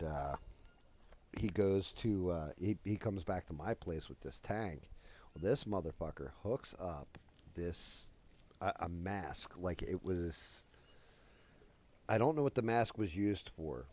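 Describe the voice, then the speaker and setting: A man telling a crude story on his live stream in a rambling, animated way. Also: deep voice.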